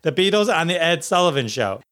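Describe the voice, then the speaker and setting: A man's voice: a little high, very animated, brisk, heavy background noise. Guy hosting a chatty interview, super enthusiastic, voice bouncing all over, laughs a lot. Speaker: podcast host. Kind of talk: casual interview chat.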